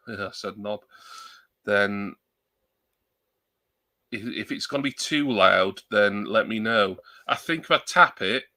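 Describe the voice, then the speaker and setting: A man's voice: medium pitch, sharp tone, no echo. A man chatting casually on a live stream through a new external desk mic at his laptop, rambling and joking at his own expense. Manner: rambling, self-deprecating, joking.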